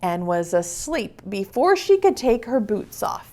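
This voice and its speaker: Preschool teacher, woman, reading to kids on a video class; slow, sing-song, rather high. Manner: expressive, asks children questions. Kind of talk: reading a picture book aloud to children. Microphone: online video class.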